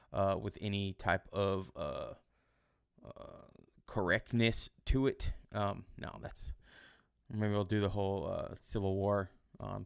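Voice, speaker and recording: A male teacher giving casual online class instructions in a relaxed, rambling way with many fillers. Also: lowish voice, vocal fry, clean tone.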